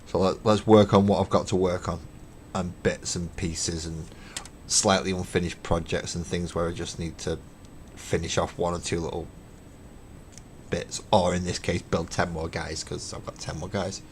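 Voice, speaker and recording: Easygoing male streamer, lowish voice, self-deprecating and a bit sweary, narrating his hobby work live. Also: level tone, normal speed, slight background noise. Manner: chatty and self-mocking, counts parts aloud, swears casually. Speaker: streamer building miniatures. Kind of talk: casual live-stream chat while working. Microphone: webcam stream.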